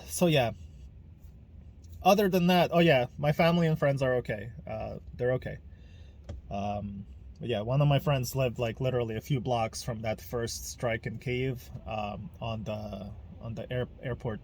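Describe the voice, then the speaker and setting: A man's voice: medium pitch, vocal fry, a little mellow, slight background noise. Blunt man talking. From Ukraine. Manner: blunt, emphatic, swears freely. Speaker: podcast host. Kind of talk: casual monologue.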